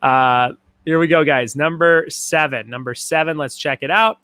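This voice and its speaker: A man's voice: on the high side, normal speed, sharp tone, smooth, dry recording. A man hosting a casual trivia livestream from his garage, joking around and reading out viewer comments between questions. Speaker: trivia host. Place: home garage.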